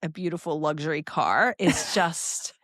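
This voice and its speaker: A woman's voice: deep voice, measured pace, a bit bright, no room sound. Woman podcast co-host, encouraging, prompting questions, affirming murmurs, dry close mic. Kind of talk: casual chat.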